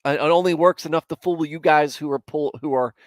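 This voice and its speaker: A man's voice: fairly high pitch, steady tone, fairly quick, no echo. A man hosting a casual livestream, chatting with viewers in a rambling, self-mocking way with mock indignation. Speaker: livestream host.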